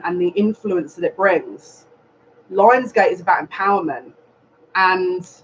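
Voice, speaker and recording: A man giving a live tarot reading, earnest and repetitive, speaking straight to the viewer. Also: sits high. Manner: earnest, repetitive, advising directly. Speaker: psychic reader. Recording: dull lo-fi sound with faint noise.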